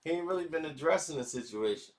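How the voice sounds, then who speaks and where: A man hosting a casual commentary vlog, talking in slangy, animated style and acting out quotes. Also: on the high side, fast. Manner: animated, slangy, acts out quotes in other voices. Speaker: commentary channel host.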